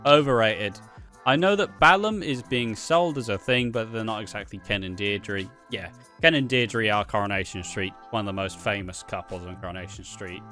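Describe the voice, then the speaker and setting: A man co-hosting a casual chat, blunt and sweary, putting on quick mimicry of the people he talks about. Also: on the low side, bright, forceful tone, soft background music. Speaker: podcast co-host.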